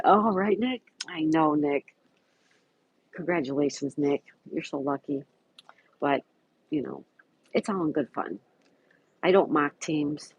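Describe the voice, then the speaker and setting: A man's voice: on the high side, breathy edge, no room sound, rough recording. A man hosting a casual livestream, reading viewer comments aloud and greeting chatters by name. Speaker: livestream host. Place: home in Florida.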